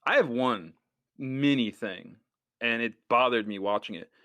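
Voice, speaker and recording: A man co-hosting a casual movie podcast who rambles and raises questions. His voice sits at a middle pitch, and the sound is dry and close. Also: unhurried, pushed and bright, no room sound. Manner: rambling, questioning, acts out quotes. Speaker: podcast co-host.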